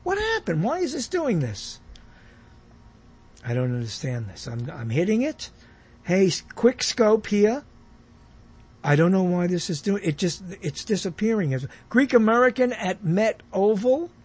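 A man with a husky, fairly high voice that rises and falls a lot as he talks. He thinks aloud in a bemused, off-the-cuff way and reads comments out as he goes. His commentary comes across as casual and curious. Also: sing-song, unhurried, a little mellow. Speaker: host browsing live streams.

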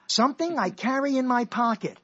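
Male radio host, husky voice, lively swooping delivery, playful riffing, lo-fi radio sound. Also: very high voice, fairly quick. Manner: playful, riffing, mock-dramatic. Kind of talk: rambling comic radio talk. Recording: dull lo-fi radio recording.

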